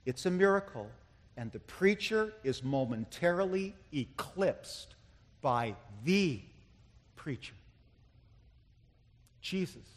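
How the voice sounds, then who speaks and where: A man preaching a sermon with impassioned delivery, building to loud, emphatic climaxes. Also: a little high. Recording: long reverb of a large hall.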